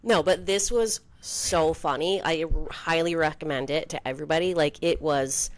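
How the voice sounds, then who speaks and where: A young woman co-hosting a podcast in casual chat, peppering her talk with "like" and quick asides. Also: deep voice, a little hiss or hum. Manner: chatty, heavy use of "like", quick asides. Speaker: podcast co-host.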